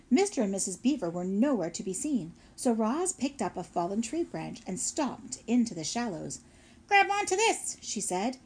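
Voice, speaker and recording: A woman's voice: mid-range voice, vocal fry, mellow, slightly rough. Woman reading a storybook aloud. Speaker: audiobook narrator. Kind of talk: scripted narration.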